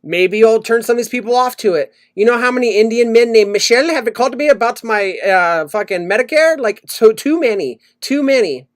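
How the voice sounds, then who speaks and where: A man's voice: extremely high pitch, fairly quick, few pauses. A man co-hosting a casual podcast, ranting and swearing as he tells stories. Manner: ranting, swears a lot, animated storytelling. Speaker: podcast co-host. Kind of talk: casual profane chat.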